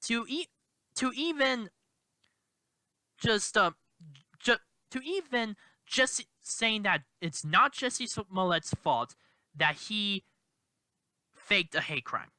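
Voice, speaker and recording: A man giving political commentary in a vlog, halting and indignant, with many restarts. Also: sits high, animated, pushed and bright, no room sound. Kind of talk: commentary vlog, reading quotes aloud.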